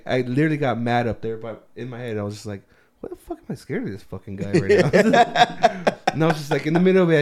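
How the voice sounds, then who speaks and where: A man in casual chat, telling a story in a rambling, animated way and swearing a lot. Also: medium pitch.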